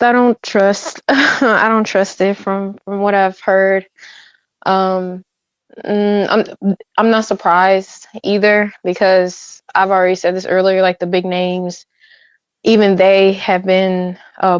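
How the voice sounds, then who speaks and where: A woman giving her views on a gaming talk show, measured and hesitant with many fillers. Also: medium pitch, smooth, dry recording. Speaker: podcast panelist. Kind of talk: casual gaming chat. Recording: dull lo-fi mic.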